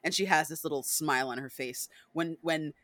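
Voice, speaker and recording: A woman's voice: deep voice, brisk, a bit bright, dry recording. A woman hosting a podcast, chatting casually and animatedly, swearing freely and acting out movie lines. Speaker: podcast host.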